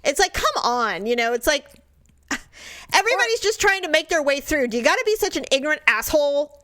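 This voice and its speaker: A woman co-hosting a podcast in casual chat, chatty and quick to laugh. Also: sits high, big pitch swings, a bit bright, no echo, clean studio sound. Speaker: podcast co-host.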